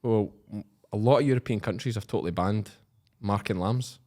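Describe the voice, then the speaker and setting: A man hosting a casual farming podcast chat, teasing and pushing his guests with quick questions. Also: on the low side. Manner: animated, teasing, leading the talk with quick questions. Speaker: podcast host.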